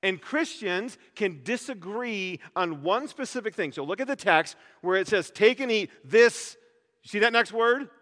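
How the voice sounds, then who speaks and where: A male pastor preaching with a high, bright voice, animated and full of jokes and rhetorical questions. His voice rings out with the long reverb of a large church hall. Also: normal speed, hardly any pauses. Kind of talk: sermon.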